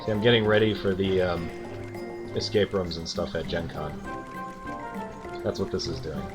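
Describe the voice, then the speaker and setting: A man's voice: low voice, normal speed. A man giving wry, chatty gameplay commentary as a let's play host, over game music.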